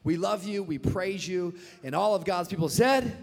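A young man preaching a sermon, telling a story with energy and sometimes shouting. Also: high voice, moderate pace. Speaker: pastor. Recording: long reverb of a large hall.

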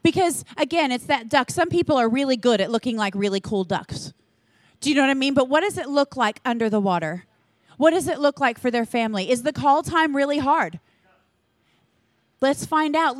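A woman giving a conference talk to church leaders in an energetic, earnest, chatty manner with quick asides. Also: high voice, no room sound. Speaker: church children's ministry leader speaking to leaders.

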